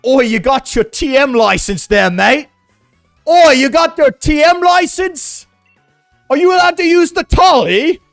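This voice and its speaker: A man's voice: extremely high pitch, a little slow, gravelly, no echo, studio quality, soft background music, voice pushed up, exaggerated voice. A man voicing a brash young British lad who taunts and drawls. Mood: taunting. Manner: taunting, loud, drawn out.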